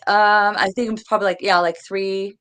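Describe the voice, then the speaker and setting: A woman's voice: mid-range voice, fairly even intonation, fairly quick, a bit bright, clean tone. A woman co-hosting a podcast, chatting casually and easily, with lots of "like" fillers. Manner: chatty, says "like" a lot, easygoing. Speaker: podcast co-host. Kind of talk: casual chat.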